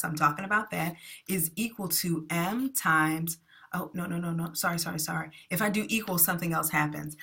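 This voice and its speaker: A woman's voice: lowish voice, sharp tone. A woman teaching math in a screencast lesson, chatty and enthusiastic, often correcting herself as she goes.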